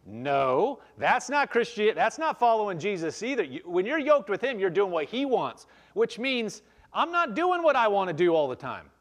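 Male pastor, high and animated, conversational sermon with scripture reading. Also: normal speed. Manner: explains verses aloud, frequent restarts. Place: church.

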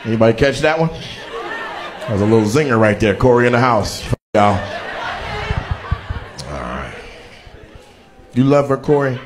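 A man's voice: medium pitch, very animated, a little slow, long pauses, noisy background. A male stand-up comedian doing profane crowd work, roasting audience members with brash teasing. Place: comedy venue with a live audience. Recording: live audience laughter and cheering.

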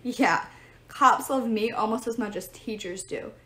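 A woman's voice: on the high side, measured pace, pushed and bright. A woman voicing a sick teenage boy hero who grumbles and jokes wryly, recorded in a roomy space. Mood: grumbling. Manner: grumbling, wry. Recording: roomy echo.

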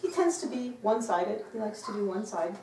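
A woman dog trainer explaining a trick to viewers, breaking off to praise the dog with a bright, loud voice. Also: medium pitch, lively intonation, brisk, creaky, noisy background. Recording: roomy, from some distance, faint clicks.

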